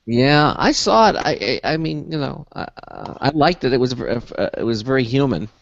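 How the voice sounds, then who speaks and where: A man hosting a radio talk show, talking in a halting way with many pauses and restarts. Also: medium pitch, lively intonation, creaky, no echo, muffled recording. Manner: halting, full of uhs and restarts. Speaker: host. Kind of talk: casual radio chat.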